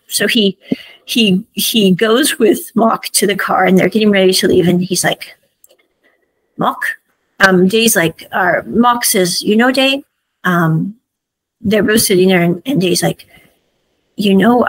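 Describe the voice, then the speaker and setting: A woman's voice: mid-range voice, slightly rough, poor audio. A woman hosting a casual review show, retelling scenes of a drama in quoted dialogue with many asides. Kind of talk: casual recap and commentary.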